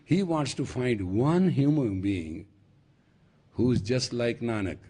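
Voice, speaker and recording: A man's voice: mid-range voice, animated, slow, mellow, slightly rough. An older man with an Indian accent, a spiritual teacher giving an emphatic storytelling sermon. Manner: storytelling with acted dialogue, emphatic. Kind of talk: lecture sermon.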